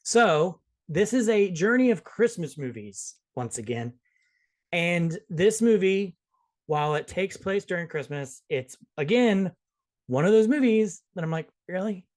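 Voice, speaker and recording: A man hosting a casual movie review podcast, joking and talking in quick bursts with restarts. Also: high voice. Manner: jokey, quick, restarts often. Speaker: podcast host.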